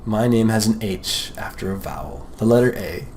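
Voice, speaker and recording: A young American man, hosting an art podcast, chats casually while drawing, rambling and joking about art and his own name and often imitating other people's voices. His voice is on the low side and darkish, with a steady tone and normal speed. There's slight background noise.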